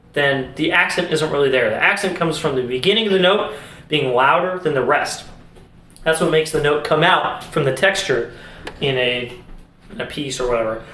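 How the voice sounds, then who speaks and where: Young man teaching music in an echoey room. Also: on the high side. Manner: relaxed, explains while demonstrating on an instrument. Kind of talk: casual video lesson.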